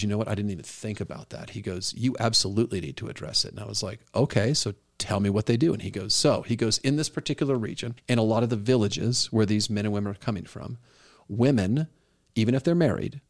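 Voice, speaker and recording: A man's voice: fairly low pitch, fast. A middle-aged man, a pastor co-hosting a podcast, talking earnestly and telling stories with quoted dialogue. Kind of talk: conversational podcast talk.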